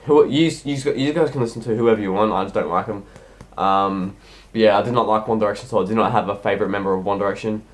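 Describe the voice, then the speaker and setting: A man's voice: on the low side, quick pace. Rambling sick teenage boy. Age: teens. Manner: rambling, hesitant, heavy with ums and restarts. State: sick, coughing. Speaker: YouTuber answering viewer questions. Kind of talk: casual Q&A vlog.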